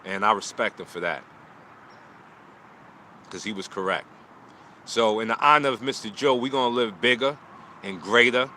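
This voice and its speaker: Low, forceful man speaking outdoors. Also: moderate pace, long pauses, a little hiss or hum. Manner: reflective, preaching in short punchy lines. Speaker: martial arts teacher streaming live. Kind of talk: emotional live stream talk.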